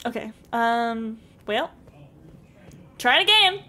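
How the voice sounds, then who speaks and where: Excitable young woman streaming a game. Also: a little high, takes it slowly. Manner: excitable, frequent yelps and laughs. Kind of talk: live gameplay commentary. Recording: game music playing behind.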